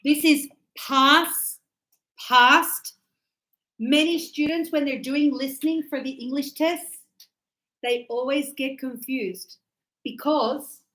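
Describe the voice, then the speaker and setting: A woman's voice: high-pitched, slow, pushed and bright, rough recording. A woman teaching English pronunciation to a class, explaining step by step, repeating words and checking that students follow.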